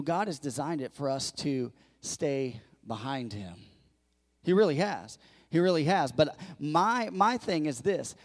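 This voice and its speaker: Guy preaching a sunday sermon, high voice, tells funny stories, acts out the lines. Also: big-room sound. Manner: storytelling, animated, acts out quotes. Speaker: pastor.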